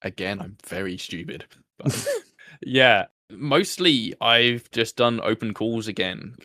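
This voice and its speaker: Man, podcast host, casual chat, bright and forceful tone, rather low, dry sound. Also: expressive, slow pace, dry recording. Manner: chatty, self-deprecating, laughs often. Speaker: podcast host being interviewed.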